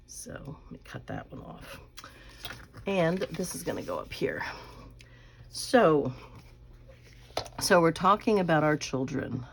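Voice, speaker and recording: A woman, chatting folksily about her family while crafting, with soft laughs and quiet asides. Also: extremely low pitch, a little hiss or hum. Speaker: craft channel host. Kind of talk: casual chat while crafting.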